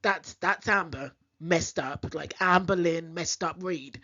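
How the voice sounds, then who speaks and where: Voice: mid-range voice, takes it slowly, pushed and bright. Commentator, sarcastic and emphatic; dull, lo-fi recording. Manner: mocking, emphatic.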